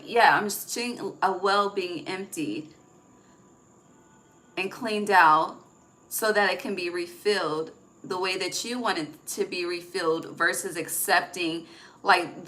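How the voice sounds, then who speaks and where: A woman's voice: lowish voice, pushed and bright, rough recording. A woman giving a casual, intuitive tarot reading, chatty and profane, often checking in with "okay?", recorded on her phone. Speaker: tarot reader.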